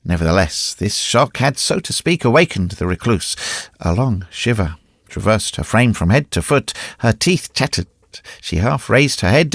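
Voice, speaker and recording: Male audiobook narrator, dramatic reading, gravelly, dry close sound. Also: on the low side, lively intonation, normal speed, no room sound. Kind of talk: scripted narration.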